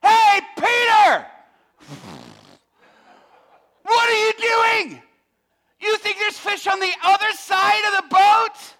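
Guy putting on loud mocking fishermen yelling from the shore, high and sharp. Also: slow, full character voice. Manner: shouting taunts across the water.

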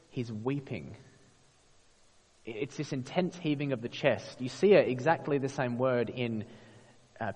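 Casting note: male preacher, expressive, rhetorical questions, long church-hall reverb. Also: mid-range voice. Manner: expressive, rhetorical questions, acts out quoted voices. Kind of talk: sermon.

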